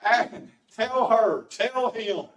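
A man's voice: very high-pitched, lively intonation, drawn-out words. A man preaching a folksy, homespun sermon with joke stories. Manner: homespun, storytelling. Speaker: pastor. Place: church sanctuary. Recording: echoey church from far off.

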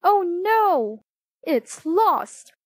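Woman doing a panicky man yelling, loud and high. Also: animated, slow, no echo. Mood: panicked. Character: frantic man who lost the ring.

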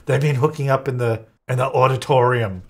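This gaming video creator talks at a normal speed in a mid-range voice with fairly even intonation. Playing a life-sim game, he chats, laughs a lot, and jumps into playful, goofy voices for the characters.

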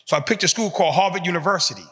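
High, bright-voiced man telling his story. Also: racing. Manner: emphatic storytelling with repeated short phrases. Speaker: speaker giving a talk to prisoners. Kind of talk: motivational talk. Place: large hall in a prison. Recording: long reverb of a large hall.

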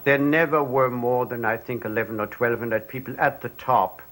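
An older man recalling his wartime training in a thoughtful, deliberate way, pausing to choose his words. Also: medium pitch, fairly even intonation, fairly bright tone, low-quality recording. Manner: deliberate, thoughtful, pauses with fillers. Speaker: interviewee. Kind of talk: measured recollection.

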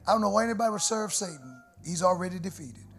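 A middle-aged pastor, preaching a sermon live in a church with dynamic swings from soft prayerful murmurs to loud shouted lines. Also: male voice, high voice, lively intonation, quick pace. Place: church sanctuary. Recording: live church livestream with organ music behind. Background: musical instruments.

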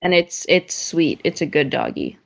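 A woman's voice: deep voice, huge pitch swings, moderate pace, vocal fry. A woman playing a tabletop game, chatting casually and giggling as she describes her moves. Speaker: player.

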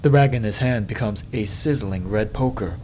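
A man hosting a let's play, reading game text aloud in a measured, dramatic way and adding his own commentary. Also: mellow, a little hiss or hum. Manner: measured dramatic reading, dropping low and slow on ominous lines.

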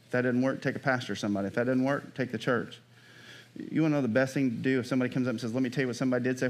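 A pastor preaching a sermon in a conversational way, often checking in with the congregation by asking "Amen?" and "right?". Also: male voice, medium pitch, fairly even intonation, very fast.

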